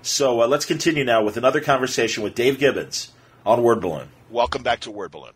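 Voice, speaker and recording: A man hosting a podcast, telling stories in a casual, animated way with lots of fillers. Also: mid-range voice, fast, slightly rough. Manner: animated, excitable storyteller with many fillers. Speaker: podcast host.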